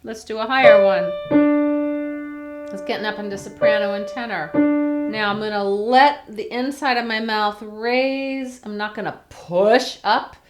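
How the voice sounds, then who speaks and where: A woman voice teacher giving a chatty singing lesson, breaking into sung warm-up vowels to demonstrate. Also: mid-range voice, measured pace, loud music behind the voice. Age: older. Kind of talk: vocal lesson to camera.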